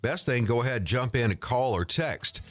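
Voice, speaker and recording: A man hosting a radio talk show in a lively, promotional way, bringing in a guest and reading out contact details. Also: mid-range voice, moderate pace, no echo, faint music behind. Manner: lively, promotional, reads phone numbers.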